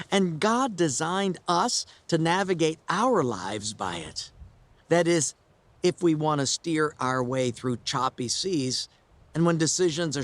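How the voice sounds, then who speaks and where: A male pastor gives an earnest sermon that leans on storytelling. His voice moves animatedly, rising and falling, and sits a bit high. The sound is dry and close. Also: no echo.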